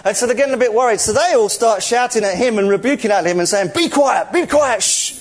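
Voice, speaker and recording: A man's voice: high voice, fast talker, over a noisy crowd. A man preaching in a church service, telling a story with jokes and laughter while directing volunteers. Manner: jokey, laughs often, animated storytelling. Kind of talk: playful interactive sermon, directing volunteers.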